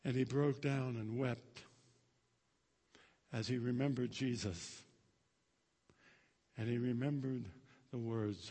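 A male pastor preaching a sermon and telling a story dramatically, swinging between loud and hushed. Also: mid-range voice, steady tone, slow pace, long pauses. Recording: long reverb of a large hall.

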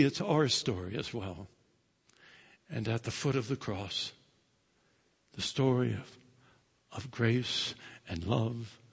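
A male pastor preaching a sermon and telling a story dramatically, swinging between loud and hushed. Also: on the low side, creaky, breathy edge. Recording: long reverb of a large hall.

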